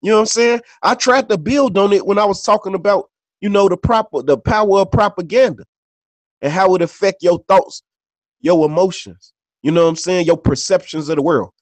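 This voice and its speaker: A man's voice: high voice, no echo. A man co-hosting a podcast, telling stories in casual, slangy, profane chat with constant "you know what I'm saying" tags. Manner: loose, conversational storyteller. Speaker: podcast co-host. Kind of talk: casual unscripted chat and storytelling.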